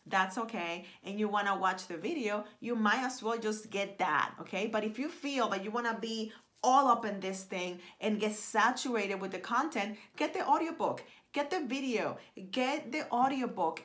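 Animated woman pitching her writing ebook. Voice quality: excitable, emphatic, repeats herself for effect. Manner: gestures with hands while talking. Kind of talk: animated direct-to-camera pitch.

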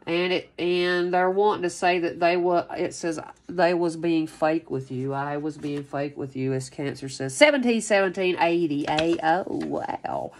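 A woman doing a casual tarot reading, rambling and excitable, repeating phrases and swearing freely. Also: low-pitched, unhurried, few pauses, a little hiss or hum. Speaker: tarot reader.

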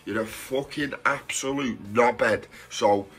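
Angry husky-voiced man ranting. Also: medium pitch, unhurried, fairly bright tone. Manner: swearing, confrontational, repeats "do you know what I mean". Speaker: live streamer and vlogger. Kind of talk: angry call-out rant to camera.

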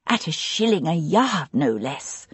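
A woman's voice: low-pitched, sing-song, unhurried, husky, no echo, full character voice. A woman voicing a chattering, boastful middle-aged hostess who gushes confidingly in an audiobook. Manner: gushing and confiding.

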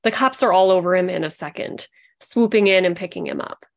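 A woman's voice: fairly low pitch, brisk, creaky. Woman co-host narrating true crime. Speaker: podcast co-host. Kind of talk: casual true-crime storytelling.

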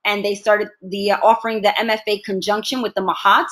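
A woman from the United States, an actress and interview guest, telling lively stories in a casual chat and laughing often. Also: mid-range voice, brisk.

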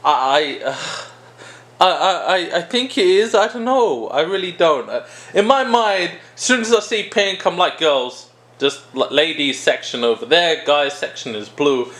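A man talks through a casual review video with a high, bouncy voice that swoops all over. He jokes, rambles and interrupts himself as he goes. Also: expressive, measured pace, a bit bright. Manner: joking, rambling, self-interrupting. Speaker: video host reviewing a perfume. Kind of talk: casual product review vlog.

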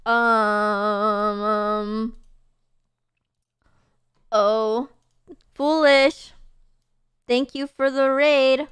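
Young woman streamer, high and smooth, gushing casual chat. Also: fairly even intonation, very slow, long pauses, fairly bright tone. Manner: bubbly, gushing, many fillers and laughs. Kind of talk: casual chat reading messages.

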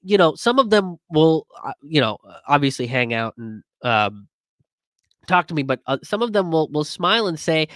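A man's voice: a little high, normal speed, dry recording. Man chatting dry and close. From immigrant. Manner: conversational, many fillers and restarts, animated when quoting others. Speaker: comedian and show host reading viewer comments. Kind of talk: casual livestream commentary.

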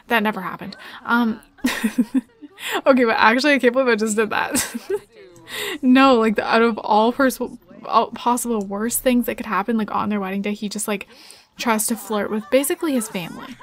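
A young woman giving bubbly, excitable commentary while playing a life-sim game, giggling often and chatting to her viewers. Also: on the high side, normal speed. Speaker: gaming YouTuber. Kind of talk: Let's Play commentary.

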